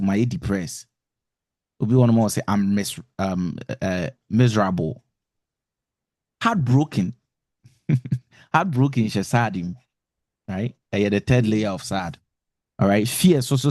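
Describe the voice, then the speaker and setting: A man's voice: mid-range voice, warm tone, dry recording, studio quality. A man with a Ghanaian accent giving an informal lecture on emotions to couples, switching between Twi and English and repeating words for emphasis. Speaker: relationship teacher.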